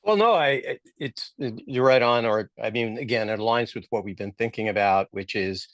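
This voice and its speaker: A man's voice: mid-range voice, normal speed, dry recording. A man co-hosting a business podcast, chatting casually and joking, thinking aloud with restarts. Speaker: podcast co-host.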